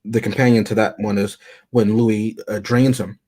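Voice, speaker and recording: Reflective man, lowish voice. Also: flat delivery, normal speed, warm tone. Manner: reflective, rambling, reads quotes aloud. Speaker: film review co-host. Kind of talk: casual film discussion.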